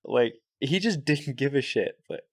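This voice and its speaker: A young man chatting as a podcast guest, telling animated, swear-laden stories full of "like" and "dude". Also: medium pitch, a little slow, dry recording, studio quality. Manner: animated storyteller, swears freely, fillers like "like" and "dude". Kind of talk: casual podcast chat.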